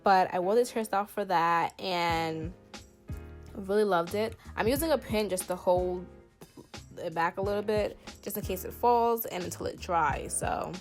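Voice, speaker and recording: A woman's voice: medium pitch, measured pace, faint music behind. A woman in her twenties with a Southern US country accent, chatting through a hair tutorial in a playful, emphatic way with lots of fillers. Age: 20s. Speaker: beauty vlogger. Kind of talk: hair tutorial, casual chat to camera.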